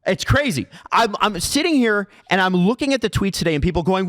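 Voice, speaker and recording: A man's voice: high-pitched, big pitch swings, a little fast, fairly bright tone, no room sound, studio quality. A man ranting as co-host of a sports podcast, impassioned and exasperated, swearing often. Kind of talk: heated sports podcast rant.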